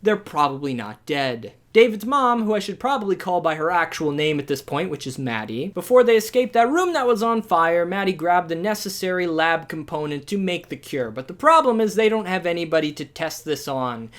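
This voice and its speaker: A young adult movie reviewer rants through a video review in an exasperated, sarcastic voice. The delivery is animated, stacking up rhetorical questions and dry asides. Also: mid-range voice, a little fast, few pauses. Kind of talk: ranting video review commentary.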